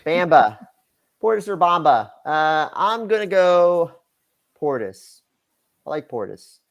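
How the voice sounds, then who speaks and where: A man's voice: on the high side, sing-song, takes it slowly, gravelly, lo-fi sound. Loose, rambling male stream co-host. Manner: loose, rambling, with fillers and laughs. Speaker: co-host, sports betting analyst. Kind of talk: casual livestream analysis.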